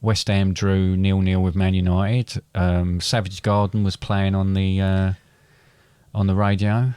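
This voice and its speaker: A man's voice: deep voice, little pitch movement, a little slow, a little mellow, clear, resonant tone, no echo. A middle-aged man, a father and podcast co-host, chatting casually and rambling with many restarts and fillers. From England. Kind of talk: casual chat.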